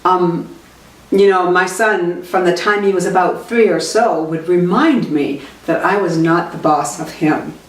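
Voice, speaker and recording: A middle-aged woman, a sales trainer, talking reflectively in a podcast monologue, often correcting herself mid-sentence. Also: fairly low pitch. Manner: reflective, conversational, with self-corrections. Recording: roomy, distant from the mic.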